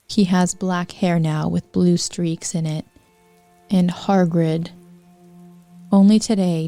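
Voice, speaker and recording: A woman reads fanfiction aloud for laughs in a slow, unhurried, deadpan way, stopping for wry asides. Her voice is low and mellow, close to a podcast mic in a dry room with faint music under it. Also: no echo. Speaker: podcast host. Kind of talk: comic reading of fanfiction aloud.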